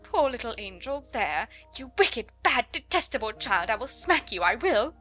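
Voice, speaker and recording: A woman's voice: on the high side, fairly quick, soft background music. A woman voicing a flustered schoolmistress. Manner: pleading then scolding, excited.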